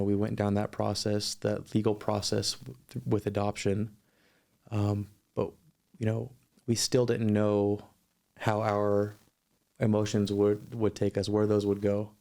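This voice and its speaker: A man guest on a podcast, telling a personal story in a measured, thoughtful, sincere way. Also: on the low side, gravelly, darkish tone.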